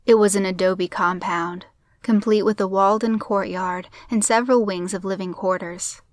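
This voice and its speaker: A woman narrating a crime story in a steady, measured audiobook reading. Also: mid-range voice, dry recording.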